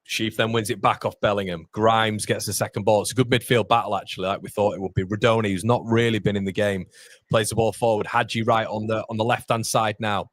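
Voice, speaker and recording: A man's voice: lowish voice, level tone, fast talker, dry recording. A young man hosting a live football watchalong, commenting on the match and reading viewer comments aloud with frequent laughs. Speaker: watchalong host.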